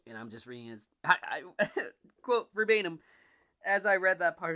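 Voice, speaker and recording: A man in his twenties giving a casual, animated book review, swearing often and acting out the characters' lines. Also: sits high, normal speed. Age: 20s. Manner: animated, profane, frequent "like" fillers, acts out characters.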